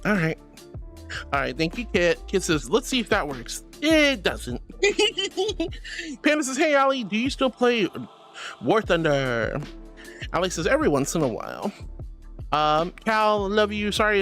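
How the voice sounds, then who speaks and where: A woman's voice: mid-range voice, big pitch swings, moderate pace, faint music behind. A woman streamer with a bubbly, giggly, affectionate manner, chatting casually and reading her chat aloud.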